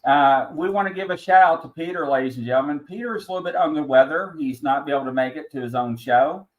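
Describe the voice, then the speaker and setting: A man's voice: fairly high pitch, quick pace, phone-quality sound. A man with a Southern US accent hosting a live-stream talk show, chatting and welcoming viewers by name. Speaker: host.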